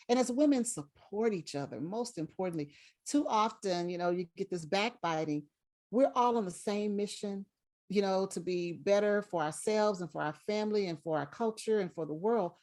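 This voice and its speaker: A woman guest on a video call interview, speaking in an earnest, encouraging way and slowing down to stress her points. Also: medium pitch, darkish tone. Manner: encouraging, earnest, slows down for emphasis. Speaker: guest content creator.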